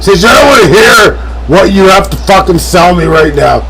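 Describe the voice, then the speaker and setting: A man streaming a strategy game live, ranting, swearing and yelling at an in-game character. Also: sits high, animated, moderate pace, creaky, loud music behind the voice, low-quality recording. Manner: yells and swears at an in-game advisor; hotheaded, profane, joking rants.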